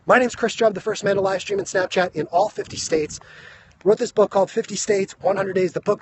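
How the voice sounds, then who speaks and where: Breathless, fast-talking motivational man. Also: sits high, steady tone, slight background noise. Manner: fast, emphatic, keeps asking "right?". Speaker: motivational speaker live-streaming. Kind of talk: energetic motivational talk to viewers. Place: high school grounds. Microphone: phone live stream.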